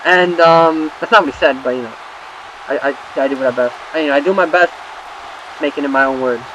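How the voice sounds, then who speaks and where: A young man casually recapping wrestling results while playing a game, rambling and swearing with excitable asides. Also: a little high, a little fast, noisy background. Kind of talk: casual recap over gameplay.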